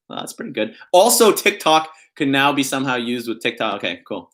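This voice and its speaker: A man's voice: mid-range voice, animated, fairly quick, a bit bright. Young male vlogger, casual and playful, laughs easily, hams up jokes. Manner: playful, giggly, reads puns in a put-on emphatic voice. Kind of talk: casual vlog chat.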